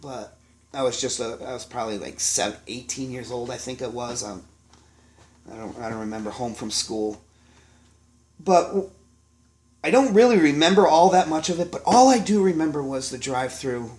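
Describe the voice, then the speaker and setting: A man's voice: medium pitch, expressive, moderate pace, a little mellow. A man in his forties, a chef, telling kitchen stories in a rambling, profane, casual way, full of ums and restarts. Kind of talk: casual storytelling to camera.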